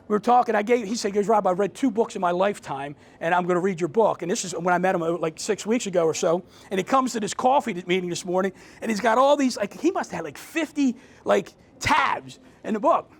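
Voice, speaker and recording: A man's voice: high voice, fast, gravelly. A middle-aged man giving a conversational motivational talk to a group as an author, asking the audience questions and often restarting his sentences.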